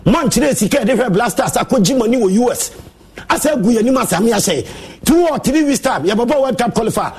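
Husky, high-voiced Ghanaian man ranting. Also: animated, a little fast, a little mellow. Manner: angry, scolding, insulting. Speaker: sports pundit. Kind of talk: heated monologue.

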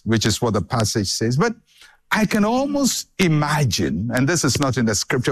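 A man preaching a sermon with dramatic emphasis and repeated phrases for effect. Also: medium pitch.

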